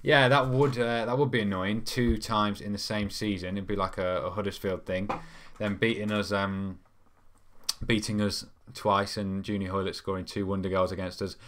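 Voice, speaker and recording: A man's voice: on the low side, level tone, moderate pace, fairly bright tone. A young man, hosting a football fan live stream in a casual, rambling way, reading out viewer comments with lots of ums. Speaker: fan channel host.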